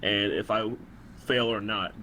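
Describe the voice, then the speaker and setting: A man's voice: on the low side, steady tone, measured pace, sharp tone. A man playing a tabletop game, talking in a rambling way, swearing and laughing often. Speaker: player. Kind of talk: casual tabletop game chat. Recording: noisy home recording.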